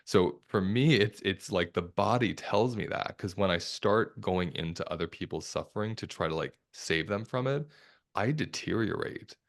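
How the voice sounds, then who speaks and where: A man, a somatic therapist, talking as a guest in a podcast interview in a calm, reflective, measured way. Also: low voice. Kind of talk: conversational interview talk.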